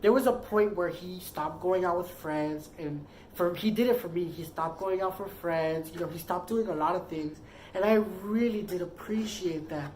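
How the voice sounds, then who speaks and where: A woman's voice: on the low side, moderate pace, darkish tone, a little hiss or hum, poor audio. Rambling woman telling a story. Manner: rambling, heavy use of "like". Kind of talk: casual storytime chat.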